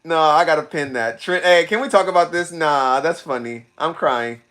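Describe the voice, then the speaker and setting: On his livestream, a man with a higher voice speaks at a moderate pace, going through comments in casual, slangy chat. He's animated, repeats himself, and frequently bursts out laughing.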